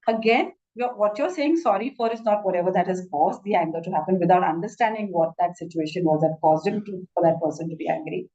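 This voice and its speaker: In a muffled recording, a woman doctor teaching a masterclass lectures instructively in Indian-accented English. She has a lowish, mellow voice, talks fast with few pauses, frequently says "you know," and often starts her sentences over.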